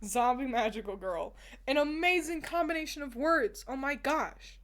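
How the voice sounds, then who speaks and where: A woman's voice: high-pitched, normal speed, fairly bright tone. Giggly young woman streamer. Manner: giggly, laughs often, talks to chat. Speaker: streamer ranking characters. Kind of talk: casual chat.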